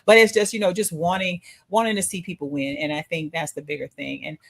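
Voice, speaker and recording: A woman's voice: deep voice, fairly even intonation, fairly quick, gravelly, no room sound. A woman in a casual livestream chat, talking reflectively and often asking "you know what I'm saying". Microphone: streaming call mic.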